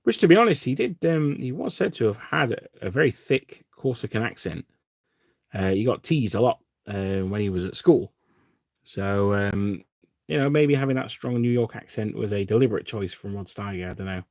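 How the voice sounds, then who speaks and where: A man's voice: on the low side, lively intonation, moderate pace, gravelly, darkish tone, dry recording, clean studio sound. A man from England hosting a casual livestream, chatting with viewers while painting miniatures and rambling with lots of fillers. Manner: rambling and self-deprecating, with frequent fillers. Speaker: livestream host.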